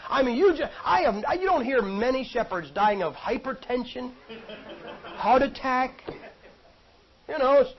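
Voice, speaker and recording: A man delivers a sermon in a folksy, joking, conversational style. His voice sits very high for a man. The recording is dull and lo-fi. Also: animated, measured pace, pauses often. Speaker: preacher.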